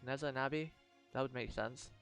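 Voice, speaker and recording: A man streaming a mobile game live, reading out the story and reacting excitedly as he plans his team. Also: mid-range voice, fairly quick, soft background music. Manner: excitable, reacts loudly, talks through strategy.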